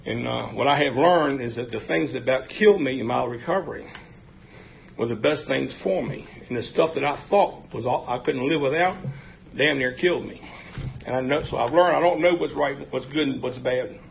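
A man tells his recovery story in a frank, folksy way, his voice deeply gravelly with heavy fry. The recording is thin and phone-like, with a faint hiss behind him. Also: a little fast. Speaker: speaker sharing at a recovery meeting. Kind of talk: personal recovery testimony.

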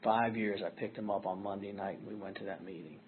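A man's voice: low-pitched, fairly even intonation, a little fast, slight background noise. A middle-aged man speaking at a recovery meeting, telling his own story in an earnest, self-deprecating way. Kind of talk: personal storytelling talk. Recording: tinny phone-like audio.

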